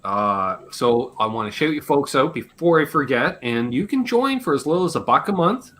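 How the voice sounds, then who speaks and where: A man with a slightly hoarse voice, hosting a casual live Q&A stream, rambling and joking and swearing offhand. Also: mid-range voice, big pitch swings, normal speed, fairly bright tone, a little hiss or hum. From Canada. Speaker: livestream host.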